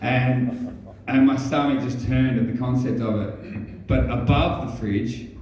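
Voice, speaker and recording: An Australian man telling a rambling stand-up story, stumbling through ums and restarts and swearing as he goes. His voice is mellow and of middling pitch. He is picked up from a distance in a very echoey venue. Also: fairly even intonation. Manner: halting, many ums and restarts, swears freely. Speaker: stand-up comedian. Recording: very echoey room, mic far off.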